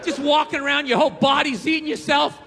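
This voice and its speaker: A man's voice: extremely high pitch, steady tone, fast, vocal fry. A middle-aged man doing a profane, ranting stand-up routine on a club stage, acting out characters along the way. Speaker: stand-up comedian. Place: comedy club stage before a live audience. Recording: live club recording with loud crowd noise.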